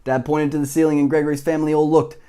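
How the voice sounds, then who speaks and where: A man reading a children's picture book aloud, gently, with chuckling asides. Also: a little high, level tone, rapid-fire, smooth.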